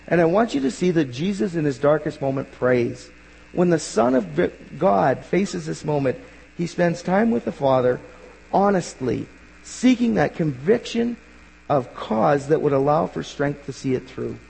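A male pastor preaching a sermon in an earnest way, rising to emphatic bursts and dropping quiet. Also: on the high side, expressive, moderate pace, gravelly, breathy edge. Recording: long hall reverb.

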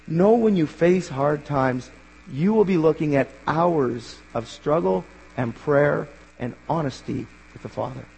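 Earnest gravelly male pastor preaching. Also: on the high side, a little slow, highs cut off. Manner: earnest, builds to emphatic bursts then drops quiet. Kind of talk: sermon. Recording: long hall reverb.

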